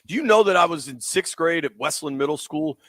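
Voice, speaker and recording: A man in his forties hosting sports talk radio, excited and rambling in casual banter. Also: a little high, fairly quick, dry recording. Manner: excited, rambling, laughs easily.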